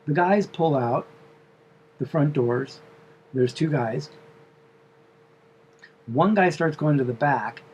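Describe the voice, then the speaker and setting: A man's voice: fairly high pitch, takes it slowly, pauses often, a little mellow, slightly rough, muffled recording. A man telling the story of a dream in a casual, meandering way, full of fillers and asides.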